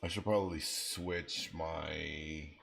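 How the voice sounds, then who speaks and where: A man's voice: rumbling low, fairly even intonation, takes it slowly, gravelly, fairly bright tone. A man hosting a live trading stream. He talks casually, thinking aloud about his trades while answering viewers in chat. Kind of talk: live-stream market commentary.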